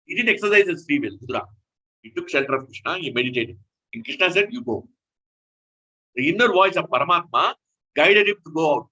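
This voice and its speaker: A man preaching in a scripture lecture, emphatic and animated, often stopping to correct himself. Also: on the high side, fast, muffled recording.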